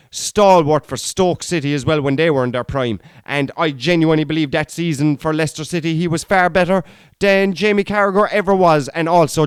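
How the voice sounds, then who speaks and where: A man's voice: on the high side, clean tone, dry recording. A man hosting a casual podcast monologue, blunt and opinionated, who swears freely and rambles with restarts. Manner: rambling, with frequent fillers and restarts. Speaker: podcast host.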